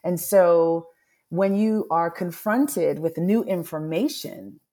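Her voice is fairly low and dark, and she talks slowly. She is a middle-aged author and interview guest, earnestly recounting something personal and thinking out loud in a candid exchange.

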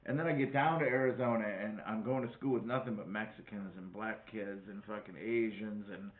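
A man's voice: on the low side, steady tone, a little fast. A man with a light Wisconsin accent, a guest comedian telling profane, rambling stories in casual podcast chat. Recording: echoey, phone-like lo-fi.

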